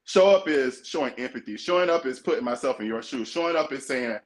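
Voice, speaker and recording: A man's voice: medium pitch, expressive, quick pace, few pauses. A man co-hosting a podcast, talking earnestly and emphatically in casual chat. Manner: earnest, emphatic, acts out quoted voices. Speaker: podcast co-host.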